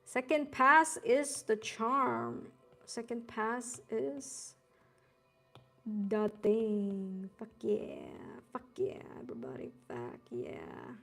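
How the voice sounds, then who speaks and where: Young woman streamer drawing and rambling, slow talker, kinda high voice, faint music in the back. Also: sing-song, vocal fry, a bit bright. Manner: laid-back, rambling, swears casually, uses Gen Z slang. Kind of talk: casual chat while drawing.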